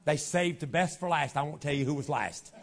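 A man in his fifties preaching a sermon as pastor, folksy and joking, swinging from quiet asides to shouting. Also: a little high, a little fast, gravelly, slight background noise. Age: 50s.

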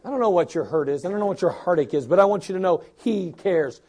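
Older man preaching, high-pitched. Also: expressive, fast, darkish tone, breathy edge. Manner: preaching with rising bursts of emphasis and repetition. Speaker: pastor. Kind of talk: sermon.

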